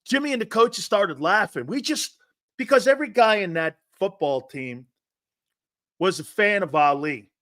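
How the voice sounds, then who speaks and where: An animated, high-voiced man in his fifties hosts a sports talk show, telling loose, digressive stories at a moderate pace with restarts and the odd curse. His tone is a bit bright, and the studio recording has no echo.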